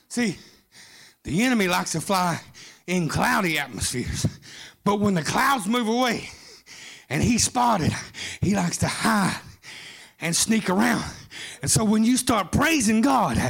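A man preaching a sermon in a church, shouting in a sing-song Pentecostal cadence with frequent "uh" fillers. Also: sits high, sing-song, slow, vocal fry, long pauses, breathy edge.

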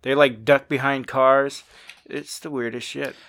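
A man's voice: mid-range voice, fairly even intonation, unhurried, a bit bright. A man in a casual podcast chat, speculating loosely with some swearing.

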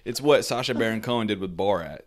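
A man co-hosting a casual comedy podcast, teasing his friends in deadpan banter. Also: on the low side, fast. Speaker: podcast co-host.

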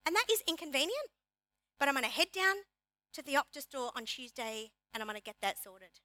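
A woman pastor preaching a sermon in an animated, emphatic way, repeating key phrases for her congregation. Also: high voice, brisk, no echo. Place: church.

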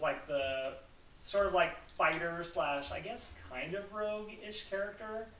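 Chatty man with a bright, roomy sound. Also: on the high side, recorded from a distance, slight background noise. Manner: rambling, many "like" fillers. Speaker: podcast host. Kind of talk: casual chat.

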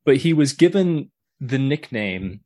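A man's voice: mid-range voice, big pitch swings, a little slow, mellow. A man hosting a casual podcast chat, reading notes and breaking off with jokes and questions. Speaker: podcast host.

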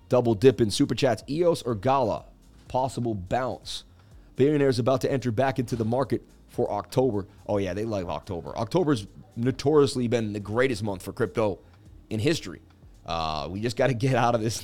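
A man's voice: medium pitch, a little mellow. A man hosting a casual livestream, joking and chatting while he reads viewer comments and walks through charts. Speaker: crypto livestream host.

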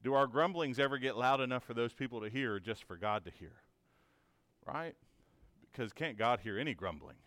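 A man with a smooth, resonant voice of ordinary pitch teaches a Bible lesson in an earnest, encouraging tone. He keeps asking his listeners questions and often tags them with "right?". The sound is close and dry, with no room echo. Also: lively intonation, a little fast, a bit bright. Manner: asks rhetorical questions, often tagged with "right?".

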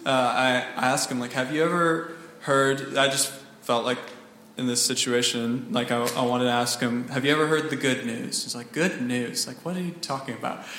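Man telling a halting story in an echoey hall. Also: medium pitch, steady tone, bright, forceful tone, slight background noise. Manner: halting, lots of fillers and restarts, laughs often. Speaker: church member sharing a mission trip story. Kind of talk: casual storytelling testimony. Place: church hall.

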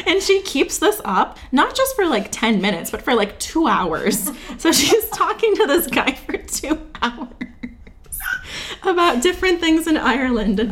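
A woman's voice: medium pitch, lively intonation, measured pace. Chatty young woman telling stories. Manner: chatty storyteller, acts out quoted dialogue. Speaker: podcast host. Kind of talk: casual chat.

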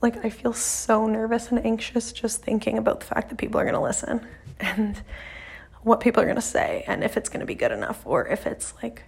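A woman's voice: on the high side, fairly even intonation, brisk, gravelly, breathy edge. A young woman hosting her own podcast alone, talking casually and nervously into her mic, rambling with lots of fillers and the odd swear. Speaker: podcast host. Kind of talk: casual solo podcast monologue.

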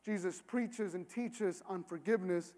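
A man with a very high speaking voice preaches a sermon in an earnest tone, pressing his points until he is nearly shouting. His words ring out with a long reverb, as in a large church hall. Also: unhurried. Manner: earnest, builds to emphatic near-shouting. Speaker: pastor.

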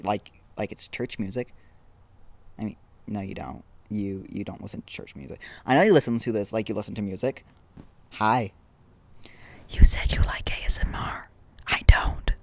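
A young man talks alone into his podcast while sitting outdoors. He rambles and pokes fun at himself, and he often stumbles and restarts his sentences. His voice sits at an ordinary middle pitch for a man. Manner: rambling, self-deprecating, halting restarts. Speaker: podcast host. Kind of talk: casual solo podcast monologue.

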